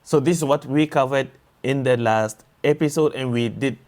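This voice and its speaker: A man teaching a recorded lesson, explaining slowly and patiently, repeating each sound and drilling examples. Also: medium pitch, darkish tone. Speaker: Quran tajwid teacher.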